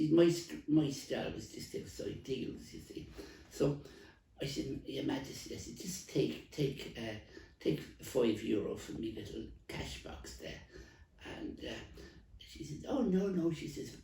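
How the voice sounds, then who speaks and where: A man's voice: mid-range voice, vocal fry, dark tone, a little hiss or hum. A man playing an elderly Dublin stall trader, a rambling, coughing heavy smoker who stumbles and restarts as she talks. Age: older. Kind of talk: comic character monologue. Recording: roomy, distant mic.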